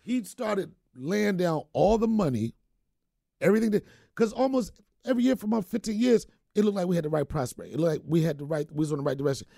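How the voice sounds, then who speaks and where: Animated storytelling man, dark husky voice. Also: sits high, quick pace, no echo, studio quality. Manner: animated storyteller, acts out quotes, laughs often. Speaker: comedian guest. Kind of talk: casual storytelling chat.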